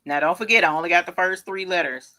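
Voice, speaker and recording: A woman in her forties hosting a casual craft live stream, gushing and exclaiming excitedly and talking straight to her viewers. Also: fairly low pitch, fast. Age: 40s. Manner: talks straight to viewers as "y'all". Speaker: craft show host.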